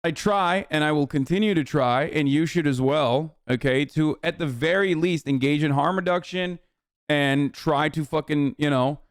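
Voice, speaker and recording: Man with a smooth, dry, profane ramble. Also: a little high, moderate pace, no echo. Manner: profane, rambling, addresses chat. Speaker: streamer reacting to clips. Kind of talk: casual live-stream commentary.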